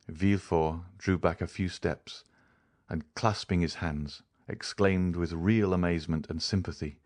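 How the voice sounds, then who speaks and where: A man narrating a classic novel as an audiobook, in a steady, even storytelling manner. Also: low-pitched, a little slow.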